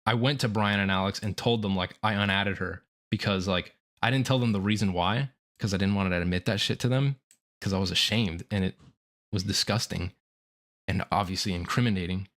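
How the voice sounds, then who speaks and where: Remorseful young man, low voice, halting. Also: a bit bright. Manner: remorseful, halting, profane, filler-heavy. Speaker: streamer. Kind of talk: confessional livestream monologue.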